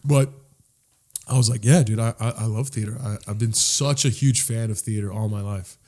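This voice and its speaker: A man's voice: on the low side, fairly even intonation, moderate pace, a little mellow. A man co-hosting a podcast, telling a long story in a casual, rambling way full of "like"s and cussing. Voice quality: rambling, profane, with many "like"s and restarts. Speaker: podcast co-host.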